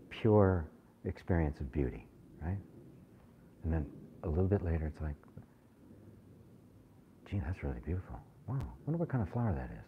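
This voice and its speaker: A man teaching a spiritual group, animated and laughing often as he acts out people's questions. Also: sits low, breathy edge, narrow, tinny audio. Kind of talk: satsang talk to a live group.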